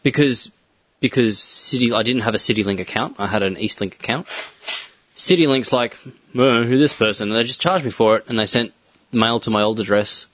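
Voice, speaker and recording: A man with an Australian accent, co-hosting a casual chat and telling his story in a steady, matter-of-fact way. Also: lowish voice, a little fast. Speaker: podcast co-host.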